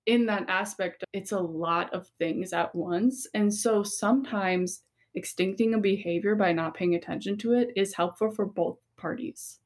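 Woman, podcast co-host, mid-pitch voice, earnest, empathetic, conversational. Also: normal speed. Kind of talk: casual podcast discussion.

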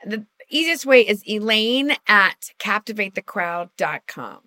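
Lady podcast cohost, bright voice, dry close sound, chatty and giggly. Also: medium pitch, lively intonation, a little slow, no room sound. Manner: chatty, laughs often, acts out quotes. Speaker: podcast co-host. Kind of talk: casual video podcast chat.

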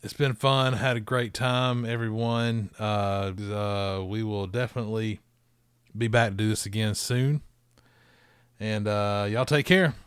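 A man's voice: on the low side, fairly even intonation, a little slow, smooth, dry recording, studio quality. A man, hosting a casual chat and telling stories with laughs and restarts. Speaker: podcast host.

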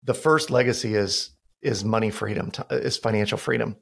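A man's voice: fairly low pitch, fairly quick, vocal fry, fairly bright tone, breathy edge. A man talking as a podcast guest and financial expert, telling stories earnestly in casual conversation. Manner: storytelling with quoted dialogue, earnest.

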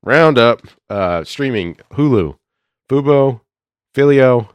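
A man co-hosting a podcast, chatting casually with dry, deadpan humor. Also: mid-range voice, slow pace, smooth, no echo, highs cut off. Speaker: podcast co-host.

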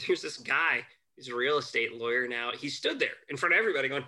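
A man who is a guest on a chat show, telling lively anecdotes and acting out quotes. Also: mid-range voice, fast. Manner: animated anecdotes, acts out quotes, chuckles. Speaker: podcast guest, family lawyer. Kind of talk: casual storytelling chat.

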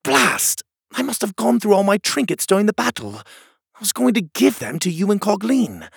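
A man's voice: sits high, big pitch swings, moderate pace, vocal fry, slightly rough, dry recording, studio quality, pitched above the performer's own voice, exaggerated voice. A man voicing a plucky, friendly little boy hero in a storybook reading, in a raised, eager voice. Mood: dismayed.

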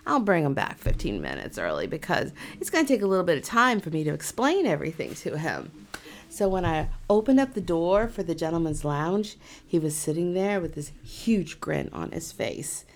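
A middle-aged woman, a massage therapist, telling a personal story casually, animated and self-mocking, with nervous laughs. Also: lowish voice, moderate pace.

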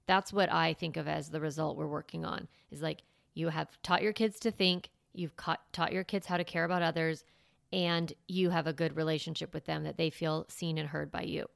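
A woman's voice: deep voice, fairly even intonation, moderate pace, gravelly, dry recording, clean studio sound. A woman hosting a parenting podcast, talking casually with lots of fillers and restarts. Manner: chatty, many fillers and restarts. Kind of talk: casual advice monologue.

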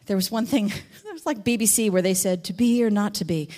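A woman giving a teaching talk on a psalm, telling stories with acted-out voices and slowing down reflectively on key lines. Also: mid-range voice. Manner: animated storytelling, acts out quotes and sheep with sudden loud voices; reflective, slows and softens on key verses. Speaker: Bible teacher.

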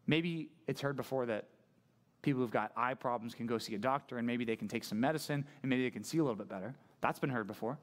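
A male pastor preaching a sermon in a casual, conversational, animated way. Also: medium pitch, quick pace.

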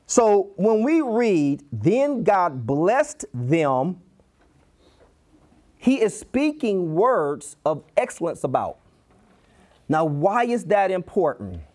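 Detroit preacher, animated delivery with wide pitch swings, repeats his points, acts out little voices. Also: slow pace. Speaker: pastor. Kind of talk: sermon.

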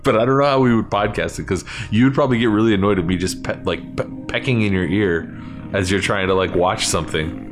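A man's voice: on the low side, a little fast, soft background music. A man hosting a podcast in a casual chat, rambling and swearing and laughing a lot. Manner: rambling, profane, laughing often. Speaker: podcast host.

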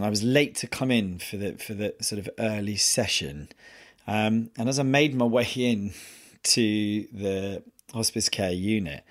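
A man hosting a podcast, telling a personal story in an earnest, halting way with many pauses and restarts. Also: fairly low pitch. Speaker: podcast host.

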